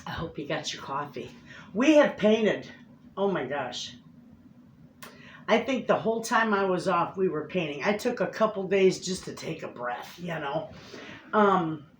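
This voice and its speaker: A woman's voice: lowish voice, animated, measured pace, echoey room, a little hiss or hum, low-quality recording. A woman homestead vlogger chatting casually to the camera from her home, calling her viewers friends. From Michigan, USA.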